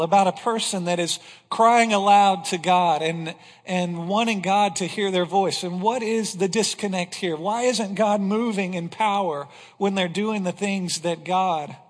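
A man preaching an earnest sermon that rises to fervent passages. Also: sits high. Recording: long hall reverb.

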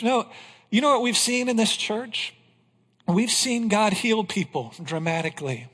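A man with a high voice preaches a sermon, driving his points home with rhetorical questions and then dropping low and quiet on the lines that matter. His voice carries a long reverb from the church hall around him. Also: moderate pace. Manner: emphatic preaching, rhetorical questions, drops to a hush for key lines. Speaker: pastor. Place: church sanctuary.

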